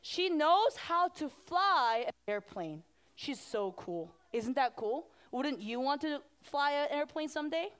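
High-voiced woman pastor talking to kids. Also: measured pace. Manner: animated, asks the children questions. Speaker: children's pastor. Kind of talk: children's sermon.

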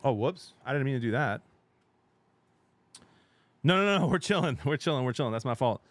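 A middle-aged man streaming games, chatting casually with his viewers. He talks in a chatty, excitable way, laughs often and trails off mid-sentence. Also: mid-range voice, normal speed, no echo. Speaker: game streamer. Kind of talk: casual live-stream chat.

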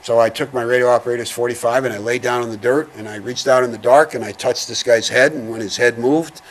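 An older man, a veteran giving an oral history interview, speaking in a reflective, halting way, heavy with feeling. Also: medium pitch, fairly even intonation.

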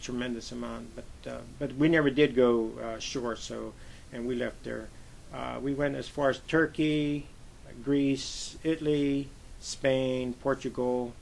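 Gravelly-voiced older man telling stories. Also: mid-range voice, fairly even intonation, a little slow, darkish tone, a little hiss or hum, poor audio. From western Pennsylvania, USA. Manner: rambling anecdotes with frequent uh and I says. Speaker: navy veteran interviewee. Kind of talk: oral history storytelling.

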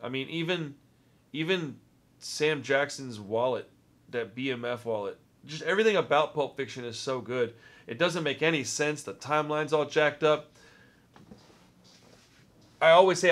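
A man's voice: fairly high pitch, a little fast, a bit bright. A man with a Texan accent hosting a casual movie-ranking vlog, talking with rambling enthusiasm and often repeating words. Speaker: movie review vlogger.

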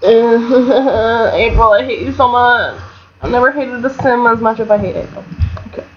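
A young woman narrates her life-sim play in a casual, talkative way, jumping from mock fury to excited squeals. Her voice sits a little high. The recording is muffled and lo-fi with a light hiss underneath. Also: unhurried. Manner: chatty and excitable, swinging between mock outrage and squeals. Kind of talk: casual gameplay commentary. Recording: dull lo-fi home mic with faint hiss.

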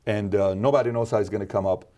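A man talking as an interview guest, emphatic and preachy, dropping from loud to low. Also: fairly even intonation, quick pace. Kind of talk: casual interview talk.

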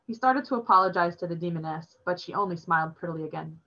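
A woman reading a novel aloud in a plain, steady storytelling manner, recorded with dull lo-fi sound. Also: fairly low pitch, fast, few pauses.

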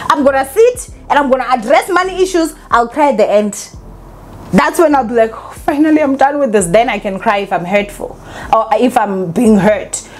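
Animated woman vlogger. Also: on the high side, moderate pace. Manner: animated, opinionated, laughs often. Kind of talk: casual commentary vlog.

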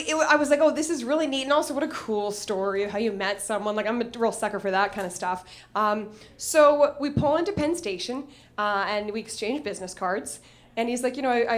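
A woman's voice: a little high, fairly bright tone. A young adult woman telling a funny personal story on stage, self-mocking and acting out the voices of people in it. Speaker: stand-up comedian. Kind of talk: live comedic storytelling.

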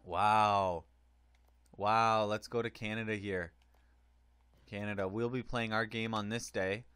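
A man giving casual, excitable commentary on a hockey video game tournament, rambling with many fillers. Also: lowish voice, slow pace, smooth, no room sound. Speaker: gaming commentator.

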